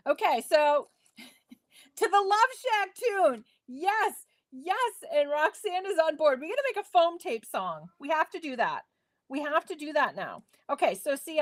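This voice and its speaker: High, lively woman crafting live. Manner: chatty, playful, talks to viewers. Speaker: craft demo host. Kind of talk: live crafting tutorial chat.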